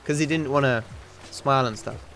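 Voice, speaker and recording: A man's voice: medium pitch, fairly quick, creaky, a bit bright, faint music behind. A man streaming a video game, chatting casually and rambling in reply to his chat. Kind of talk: casual livestream chat while gaming.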